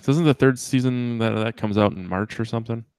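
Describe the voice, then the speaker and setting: A man's voice: mid-range voice, brisk, darkish tone, smooth, no room sound. A man co-hosting a movie podcast in casual chat, dropping dry, joking asides. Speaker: podcast co-host.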